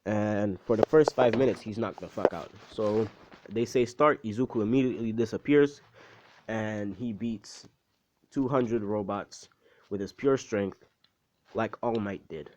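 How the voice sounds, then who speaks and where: Low-voiced man rambling through a story. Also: measured pace, darkish tone, a little hiss or hum. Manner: rambling, swears often, many fillers. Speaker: storyteller retelling a fan story. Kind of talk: casual storytelling. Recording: dull, dry lo-fi recording.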